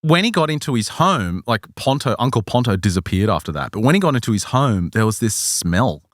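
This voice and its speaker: Male podcast host, slightly sick, animated storyteller, dry close mic. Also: mid-range voice, fairly quick, no echo. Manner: lively, laughs often while telling. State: a little sick. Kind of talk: casual storytelling chat.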